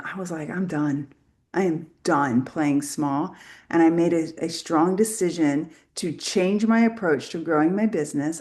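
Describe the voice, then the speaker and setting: A middle-aged woman teaching a live online sales training, chatty and animated, acting out quoted dialogue in her stories. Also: medium pitch. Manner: chatty, many "like" fillers.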